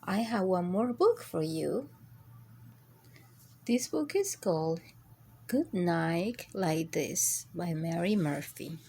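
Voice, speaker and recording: A woman reading a bedtime picture book aloud to children, slow and sing-song, jumping into high squeaky animal voices. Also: sing-song, mellow, a little hiss or hum. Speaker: children's storyteller.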